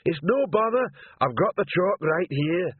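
A man voicing a slow-witted, eager male troll sergeant in a storybook reading. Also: sits high, expressive, husky, dry recording, voice pushed up, full character voice. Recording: tinny phone-like sound.

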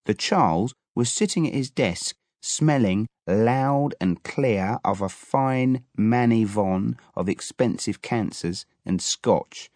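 A man's voice: on the low side, slow, few pauses, darkish tone, no echo, clean studio sound. A man narrating an audiobook in a wry storytelling manner. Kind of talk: audiobook reading.

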